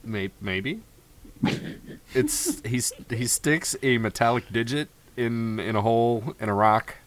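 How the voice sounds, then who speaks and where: A man's voice: medium pitch, animated, slow. A man hosting a casual podcast chat, recapping an episode with laid-back asides. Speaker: podcast host.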